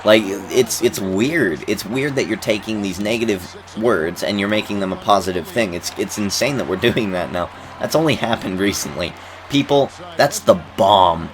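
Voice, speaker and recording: Commentating on a basketball video game, this man in his twenties talks at a normal pace in a lowish voice, chuckling and repeating himself in loose, rambling fashion. Noise can be heard in the background.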